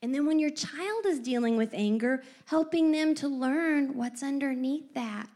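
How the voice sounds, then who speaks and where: A middle-aged woman co-hosting a faith-based parenting chat, telling stories with lively asides. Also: high voice, a little slow. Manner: animated storyteller with lively asides.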